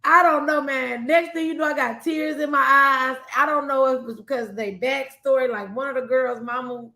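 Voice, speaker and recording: A woman's voice: high-pitched, brisk, pushed and bright, reverberant. A woman, co-hosting a casual chat and talking in an emotional, rambling way that circles back on itself. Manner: emotional, rambling, repeats herself. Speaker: podcast co-host.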